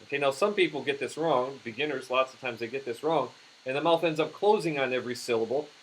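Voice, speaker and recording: A man teaching puppetry in an instructional demonstration, talking haltingly with frequent restarts. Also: mid-range voice, slight background noise, poor audio.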